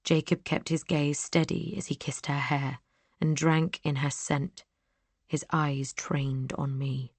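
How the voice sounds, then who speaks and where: A woman narrating a first-person audiobook in a measured, even storytelling manner. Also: sits low, no room sound.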